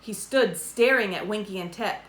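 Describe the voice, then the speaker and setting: A woman reading a children's storybook aloud, giving the dialogue lively voices. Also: mid-range voice, normal speed. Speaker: storybook reader. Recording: roomy echo.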